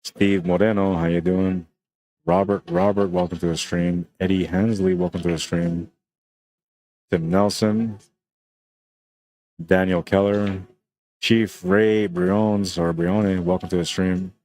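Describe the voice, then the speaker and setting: A man doing relaxed, chatty play-by-play commentary on a live pool stream, often tagging his lines with "man.". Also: low voice, takes it slowly, long pauses. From Canada.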